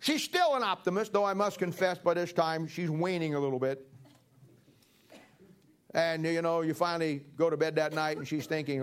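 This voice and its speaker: A man's voice: a little high, moderate pace, clear, resonant tone. A man preaching a sermon in a folksy, joking way, acting out little everyday scenes. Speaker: pastor.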